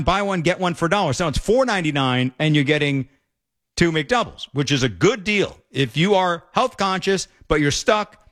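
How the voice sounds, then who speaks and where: An opinionated male talk radio host with a notably high voice. He argues emphatically and piles up quick asides. He speaks to listeners in a direct commentary style. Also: a bit bright.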